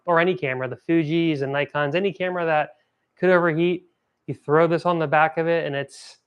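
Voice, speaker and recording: A man's voice: on the high side, clear, resonant tone, highs cut off. A young man hosting a casual product review vlog, talking with rambling enthusiasm and correcting himself as he goes. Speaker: host.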